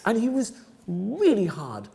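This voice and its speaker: An older man, a photographer guest, telling stories in an animated, laughing way, peppering his talk with "right?". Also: high voice, unhurried, vocal fry. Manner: lively, laughing, tag questions like "right?". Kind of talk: animated storytelling interview. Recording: long hall reverb.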